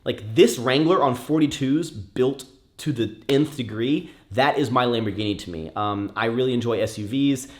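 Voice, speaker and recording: Young male host, casual Q&A, mid-pitched voice, loose and rambling, lots of "um" and "like". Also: normal speed. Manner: rambling, many fillers and restarts, turns emotional at times. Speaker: YouTuber answering viewer questions. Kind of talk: casual Q&A chat.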